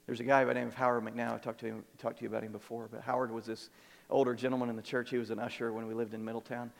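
A man preaching a sermon as pastor, earnest and repetitive, moving between quiet and emphatic passages. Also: mid-range voice, flat delivery, rapid-fire, vocal fry, in a large hall. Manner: earnest, repeats words, swings between soft and emphatic. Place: church sanctuary.

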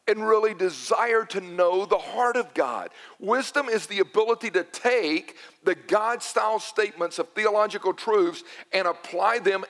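A man with a high-pitched voice delivers a sermon in a church sanctuary. He moves between storytelling and emphatic repetition of his key points. His words carry a long reverb from the large hall. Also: fairly bright tone. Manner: storytelling, emphatic with repeated phrases. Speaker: pastor.

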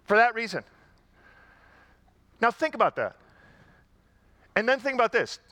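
A man's voice: very high voice, very animated, unhurried, bright, forceful tone, no room sound. A man preaching a sermon to a congregation, in a conversational style with rhetorical questions and emphatic repetition. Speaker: pastor.

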